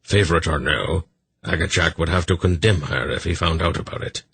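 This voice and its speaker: Guy reading as a shrewd old wizard, low and husky, close dry sound. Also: a little fast, fairly bright tone, no room sound, heavily acted. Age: older. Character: old wise male sorcerer, wry.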